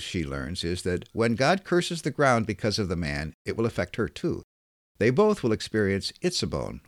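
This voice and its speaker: Low-voiced man teaching scripture, lively. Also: no echo, clean studio sound. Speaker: Bible teacher. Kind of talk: scripted Bible lesson.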